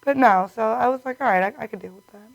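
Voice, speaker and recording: A woman's voice: a little high, fast talker, creaky, no room sound, low-quality recording. A woman in her late twenties co-hosting, telling stories in a chatty way with lots of "like". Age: late 20s. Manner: chatty, says "like" a lot. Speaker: co-host. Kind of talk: casual chat.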